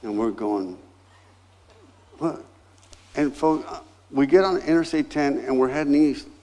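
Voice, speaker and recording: A man's voice: mid-range voice, unhurried, slight background noise. A man in his sixties, a guest pastor telling a personal story in a sermon and acting out the other people's lines. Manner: animated, acts out voices in his anecdotes.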